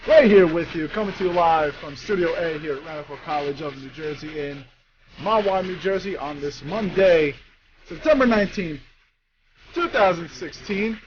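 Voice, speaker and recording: A man's voice: fairly high pitch, expressive, normal speed, dull audio, background noise. Upbeat young man hosting college sports radio. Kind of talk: casual sports talk.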